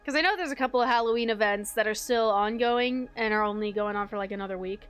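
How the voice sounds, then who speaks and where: A young woman streamer chatting casually with her viewers, rambling, swearing freely and filling pauses with likes and ums. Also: on the high side, fairly bright tone, clean tone, soft background music. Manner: rambling, swears casually, frequent fillers and laughs.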